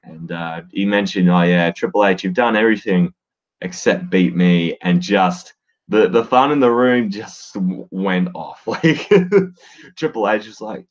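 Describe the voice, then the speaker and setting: Casual male podcaster, low voice, dull lo-fi mic, blunt and sweary. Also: a little slow. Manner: blunt, swears freely, many fillers. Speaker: wrestling podcaster. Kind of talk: casual solo commentary. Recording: dull lo-fi sound.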